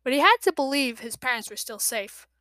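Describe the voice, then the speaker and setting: A woman reading a children's novel aloud with lively, expressive narration. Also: high voice, a little fast, no room sound. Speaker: reader.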